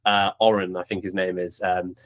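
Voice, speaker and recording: Animated sweary man. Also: low-pitched, moderate pace. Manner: swears freely, animated, many restarts. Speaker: podcast host. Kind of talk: casual chat.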